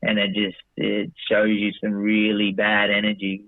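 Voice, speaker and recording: A man's voice: on the low side, completely flat delivery, measured pace, dry recording. A man telling a long story casually, with many restarts, swearing, and quoting himself in dialogue. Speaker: podcast guest. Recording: dry tinny phone-like audio.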